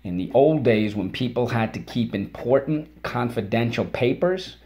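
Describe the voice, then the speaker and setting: A man teaches a vocabulary and phonics lesson, patient and encouraging, having listeners repeat words while he chants syllables in a higher voice. He speaks at normal speed, with lively intonation and a slightly mellow tone.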